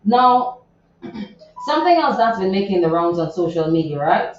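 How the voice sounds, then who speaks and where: Over soft background music, a woman radio morning host with a medium-pitched voice and big pitch swings talks at normal speed about viral social media news. Chatty and indignant, she adds many asides, with the studio recording very echoey, distant and dull.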